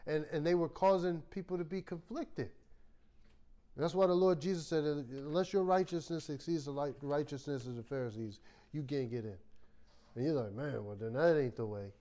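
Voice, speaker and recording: A man preaching a sermon as a Bible study teacher, telling stories with lively acted-out quotes. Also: fairly high pitch, normal speed. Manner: animated storytelling, acts out quoted voices. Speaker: pastor.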